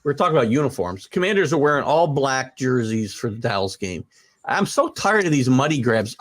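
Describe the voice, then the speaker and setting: A man hosting a casual sports talk show, opinionated and rambling, with lots of fillers and restarts. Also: mid-range voice.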